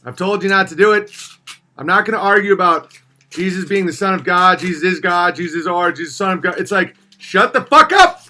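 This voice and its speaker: Man, thirties, livestream host, sardonic, mocking voices, high-pitched. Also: expressive, fairly quick, sharp tone. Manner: sardonic, swings between mocking voices and low mutters. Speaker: livestream host reading viewer messages. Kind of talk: casual livestream chat.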